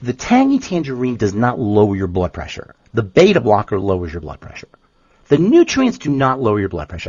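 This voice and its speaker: Homme à la voix voilée, très expressive. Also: male voice, medium pitch, brisk, breathy edge, dry recording, lo-fi sound. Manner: animated, emphatic, repeats himself. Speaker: health podcast co-host, nutrition expert. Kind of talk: casual explanatory podcast talk.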